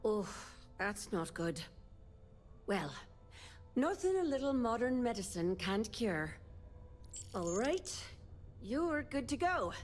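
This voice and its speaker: Fed-up female game doctor, blunt ranting, a bit high. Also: very animated, slow pace, long pauses, soft background music. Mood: brisk. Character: weary, grumbling female frontier doctor. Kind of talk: video game dialogue.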